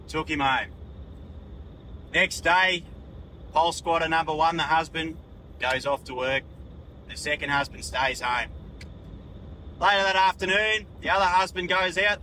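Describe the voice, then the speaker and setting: A man's voice: on the high side, moderate pace, sharp tone, slight background noise, low-quality recording. A man with an Australian accent sending in a voice message, telling a long crude joke in a laddish, sweary way.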